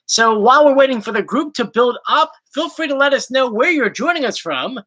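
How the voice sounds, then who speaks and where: A man's voice: extremely high pitch, expressive, a little fast, sharp tone. A man hosting a casual livestream chat, playful and teasing his partner. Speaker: host.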